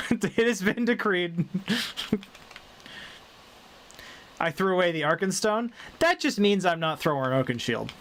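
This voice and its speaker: Man, casual streamer, light faded Southern drawl, laughs a lot, pitched a bit high, faint noise behind. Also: a bit bright. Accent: light Southern drawl, mostly faded. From American South. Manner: playful, rambling, laughs often. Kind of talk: casual live-stream chat reading viewer comments.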